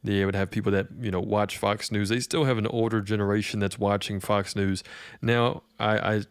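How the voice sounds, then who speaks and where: A man with a low, smooth voice offers his own take on a clip he has just played, casting about for words and circling back on his own phrases. He is recorded close and dry, with no room sound. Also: flat delivery, normal speed, no room sound. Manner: rambling, with many fillers and restarts. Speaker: commentary channel host. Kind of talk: reaction commentary.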